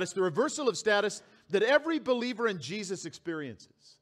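A man's voice: high voice, very animated, a little fast. A man preaching a sermon as pastor, reading scripture aloud and repeating key phrases for emphasis. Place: church sanctuary.

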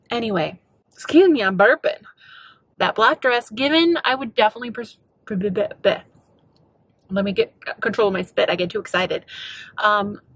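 A woman's voice: mid-range voice, creaky, a bit bright, dry recording. A woman fashion vlogger chatting casually to camera, bubbly and rambling, often trailing off and restarting. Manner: bubbly, rambling, self-interrupting.

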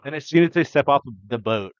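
A young man co-hosts a casual podcast, rambling through an animated, swear-filled tall tale and laughing along the way. His voice sits at an ordinary middle pitch. The recording is dry and slightly muffled. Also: quick pace, clear, resonant tone, dry recording. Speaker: podcast co-host. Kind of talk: casual chat.

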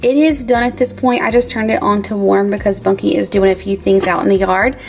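A woman's voice: medium pitch, fairly even intonation, fairly quick, creaky. A woman, chatting upbeat in her home kitchen while she cooks for her vlog. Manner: chatty, upbeat, says "y'all". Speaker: vlog host. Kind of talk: casual cooking vlog chat.

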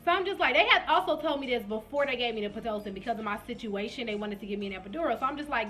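A young woman casually telling viewers her labor story, acting out her own reactions in sudden high bursts and calling them "y'all". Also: expressive, racing, few pauses, a bit bright. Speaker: vlogger.

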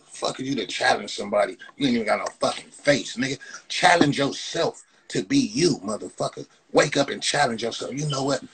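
A brash man on a phone livestream, roasting viewers in loud, mocking bursts and tagging "blood" onto his lines. His voice sits at an ordinary middle pitch. A faint hiss runs under the phone audio. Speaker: livestream host. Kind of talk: profane Instagram live roast.

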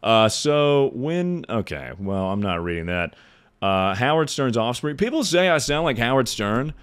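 A man with a deep voice chatting casually with his livestream viewers, making sarcastic jokes and sounding like he is announcing things. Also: very animated, a little slow, smooth. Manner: sarcastic, joking asides.

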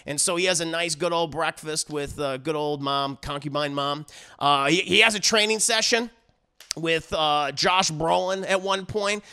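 A man rambles through a casual movie review, dropping fillers and crude asides as he recaps the plot. His voice is gravelly and strikingly bright and forceful, pitched a little high. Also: moderate pace.

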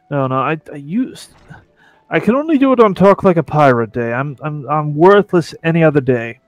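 Man, let's play commentary, playful sarcastic rambling, fairly high voice, dry close sound, faint game music. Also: animated, moderate pace, no echo.

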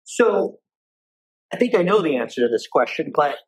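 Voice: mid-range voice, big pitch swings, normal speed, darkish tone, slightly rough, low-quality recording. A podcast host who is a former agent, asking long, winding interview questions in a conversational way.

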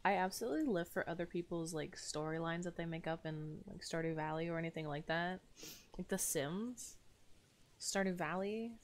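Woman streamer, casual gameplay chat, expressive, swears, lowish voice. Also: normal speed, slight background noise. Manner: chatty, expressive, swears freely.

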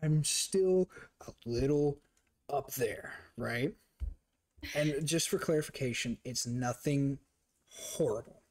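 Young male streamer, animated storyteller, swears freely, mid-pitched voice, casual chat. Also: slow. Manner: animated, profane, laughs while telling stories.

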